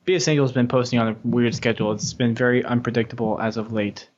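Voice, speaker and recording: A man's voice: mid-range voice, steady tone, fast. A man hosting a gaming podcast, chatting casually in a teasing, upbeat way and laughing often. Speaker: podcast host. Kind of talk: casual chat. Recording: dull lo-fi podcast audio.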